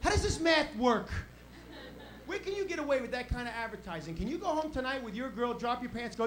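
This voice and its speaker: A man, doing an exasperated stand-up rant that builds to loud punchlines. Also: very high-pitched, big pitch swings, fairly quick, background noise. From New York. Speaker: stand-up comedian. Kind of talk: stand-up routine.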